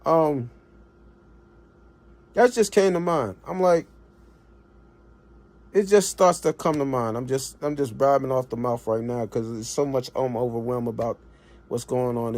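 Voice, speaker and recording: A man rants about politics on his stream in plain, blunt language, growing more impassioned as he goes. Heard through a streaming mic, his voice is mid-range and darkish.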